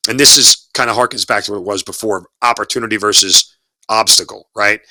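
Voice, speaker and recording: Male guest, forties, talkative and sincere, lowish voice with a forceful edge. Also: steady tone, fairly quick, dry recording. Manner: talkative, earnest, repeats words while searching. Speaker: guest, army officer and broadcaster. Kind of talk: casual interview storytelling. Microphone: studio mic.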